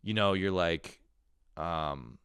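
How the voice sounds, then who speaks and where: A young man rants through a casual comedic monologue, rambling, profane and exasperated. His voice sits low and comes across smooth and resonant. The sound is close and dry, with almost no room on it. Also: slow, a bit bright, no room sound. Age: young adult. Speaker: comedian podcast host.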